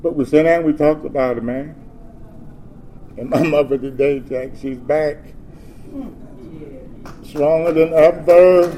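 A man telling his personal story to a meeting, swinging from animated joking to low, subdued talk. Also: unhurried, pauses often. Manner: animated and joking early, then low and subdued while telling hard times. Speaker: speaker sharing his story at a recovery meeting. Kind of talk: spoken testimony. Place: meeting room with an audience. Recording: crowd murmur and background noise.

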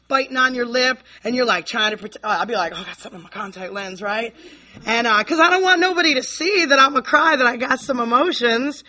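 Her pitch is fairly high, bright and forceful. She's from Virginia, USA, telling a convention crowd a frank, wandering story of her recovery, full of "you know, like," veering between laughter and near tears.

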